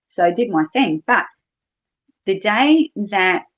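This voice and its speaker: Here a middle-aged Australian woman tells stories from her life as a podcast guest, using lots of fillers and quoted dialogue. She speaks at a medium pitch in a slow, sing-song way. The recording sounds dull and lo-fi.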